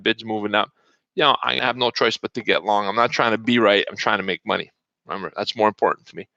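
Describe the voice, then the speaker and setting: A man with a rough, gravelly voice and a bright, forceful edge, hosting a casual live market update for traders. He talks in a chatty, informal way, listing numbers and greeting viewers by name. The sound is dry and close, with slightly muffled lo-fi quality. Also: mid-range voice, dry recording. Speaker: day-trading host. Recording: dull lo-fi stream audio.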